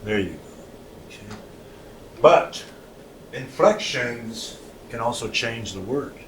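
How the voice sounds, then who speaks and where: A slow, patient man teaching a class, repeating each word for his students. His voice sounds roomy and distant in the classroom, with faint ambience behind it. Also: medium pitch, expressive, noisy background. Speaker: language teacher.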